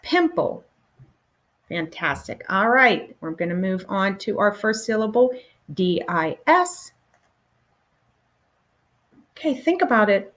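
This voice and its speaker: A woman teacher leading a recorded phonics lesson for children, patient and encouraging, pausing for answers. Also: mid-range voice, lively intonation, fairly bright tone.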